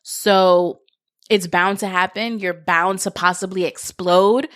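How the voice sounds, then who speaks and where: A young woman hosts her own podcast, talking casually and earnestly about parenting. Her voice is smooth and clear, recorded close and dry with no room sound. She grows animated when recounting stories. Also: lowish voice, takes it slowly, dry recording. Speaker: podcast host. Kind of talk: casual solo podcast talk.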